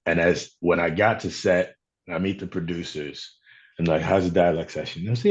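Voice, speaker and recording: Low-voiced man recounting stories in an interview. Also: steady tone, a little fast, lo-fi sound. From Chicago. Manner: reflective, storytelling with quoted voices. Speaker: actor guest. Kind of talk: casual interview talk.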